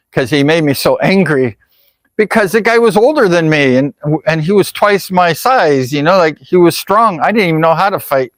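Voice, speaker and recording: A man with a slightly high voice tells a personal story in a loose, rambling vlog style, peppering it with "like" and "you know". The sound is dry and close, with no room around it. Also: normal speed, no echo. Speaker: vlogger.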